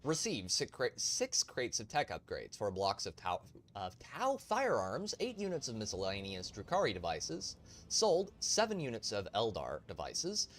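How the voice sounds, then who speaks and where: A man's voice: on the low side, a bit bright. A man streaming a role-playing game, reading game logs aloud and commenting casually, with the odd swear word. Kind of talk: casual let's-play commentary.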